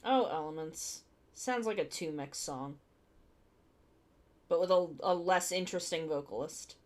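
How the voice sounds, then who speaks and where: A woman's voice: lowish voice, measured pace, darkish tone. A woman streamer chatting casually and thinking aloud as she builds a model kit live. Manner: chatty, thinking aloud while working with her hands.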